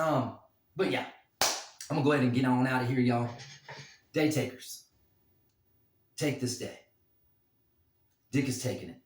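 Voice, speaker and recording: A man's voice: mid-range voice, darkish tone. A man in his forties, a vlogger and former bouncer, telling a crude story at home in a rambling, casual way with many fillers. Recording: roomy, distant from mic.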